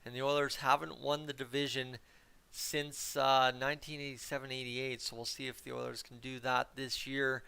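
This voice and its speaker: A man's voice: mid-range voice, little pitch movement, moderate pace, gravelly, clear, resonant tone. A young Canadian man from Alberta with a nasal voice, doing chatty live play-by-play of a hockey game and talking with his stream chat. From Cold Lake, Alberta, Canada. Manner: rambling, chatty, gets loud on shots.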